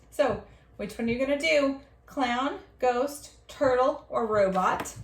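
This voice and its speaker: A woman teacher with a slightly high voice, guiding young children through sounding out words. She stretches each line out slowly so they can follow, with encouraging praise. The room adds a noticeable echo. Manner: slow, drawn-out modelled reading with encouraging praise. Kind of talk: early reading lesson for young children. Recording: roomy echo.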